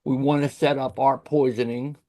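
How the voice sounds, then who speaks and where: Man with an ordinary-pitched voice; explains tech steps, asks "right?" a lot. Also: flat delivery, moderate pace, warm tone. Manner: checks in with "right?", many fillers. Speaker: podcast guest explaining tech labs. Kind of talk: casual technical explanation.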